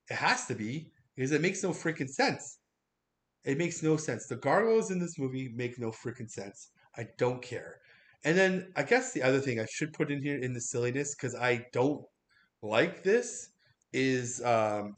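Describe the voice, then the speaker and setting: A man's voice: mid-range voice, moderate pace. A man reviewing a movie on a casual livestream, rambling and swearing as he laughs through his reactions. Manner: rambling, profane, animated, laughing.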